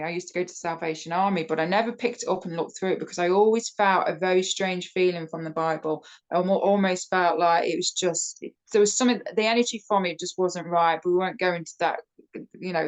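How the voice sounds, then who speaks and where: A woman's voice: fairly low pitch, brisk, poor audio. Chatty British woman telling her story. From United Kingdom. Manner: chatty and animated, with many fillers and restarts; laughs often while telling the story. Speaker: podcast guest. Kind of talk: casual personal storytelling.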